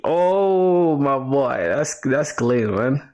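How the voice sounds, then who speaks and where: A man's voice: mid-range voice, unhurried, darkish tone. A young man casually chatting with viewers on a coding livestream, laid-back and slangy, explaining as he thinks aloud. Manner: answers chat while thinking aloud, with fillers and restarts. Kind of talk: casual live-stream chat.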